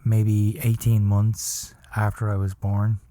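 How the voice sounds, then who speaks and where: A man from Ireland, telling a comic story as a podcast host in a halting, mock-earnest deadpan with long pauses. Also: lowish voice.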